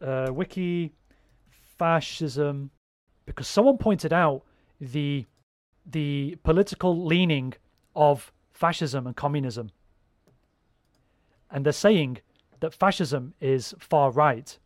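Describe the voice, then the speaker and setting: Casual co-host, male, rambling and sweary, higher-pitched, dry close sound. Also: slow pace, no echo. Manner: rambling, swears freely, animated. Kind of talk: casual chat.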